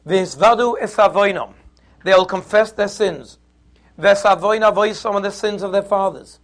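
A man teaching a Torah class, lively and conversational, who acts out little scenes in voices. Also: high-pitched, moderate pace. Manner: animated, acts out the quarrel in put-on voices.

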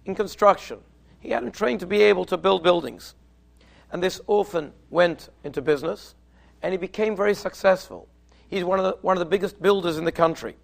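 A man's voice: high voice, creaky. A man giving a Torah lecture, explaining Hebrew terms in plain English and telling a parable. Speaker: Torah teacher.

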